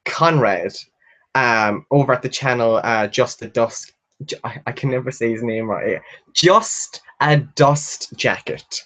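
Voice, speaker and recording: A man's voice: mid-range voice, steady tone, moderate pace, a bit bright, rough recording. Gushing, rambling young man on a livestream. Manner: rambling and gushing, with frequent "like" fillers and swearing; reads viewer comments aloud and answers them. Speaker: booktuber hosting a live stream. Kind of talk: casual live-stream chat.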